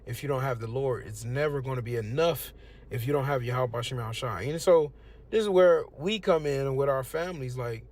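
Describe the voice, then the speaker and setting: A man's voice: medium pitch, normal speed, a little mellow. A young man from the United States giving a casual religious testimony, preachy and conversational. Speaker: testimonial speaker.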